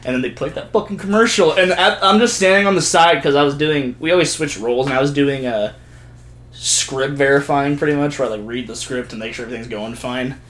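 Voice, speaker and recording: A young man casually telling a story among friends, animated, laughing often and acting out what people said. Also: mid-range voice, brisk, echoey room. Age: young adult.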